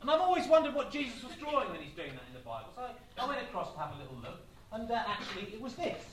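A man doing live stand-up, telling an absurd story in a deadpan way with wry asides. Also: extremely high pitch, rapid-fire. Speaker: stand-up comedian. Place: comedy venue with live audience. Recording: echoey club, distant mic, audience.

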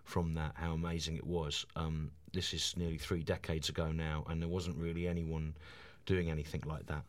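A man in his forties, a stand-up comedian guesting on a radio chat, talking enthusiastically with halting restarts. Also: rumbling low, level tone.

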